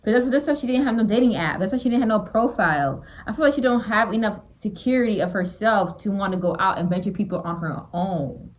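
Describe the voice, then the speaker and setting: A woman's voice: mid-range voice, animated, quick pace, hardly any pauses, slight background noise, poor audio. A woman giving blunt, exasperated reaction commentary on a reality show as a small YouTuber, often repeating and restarting her phrases.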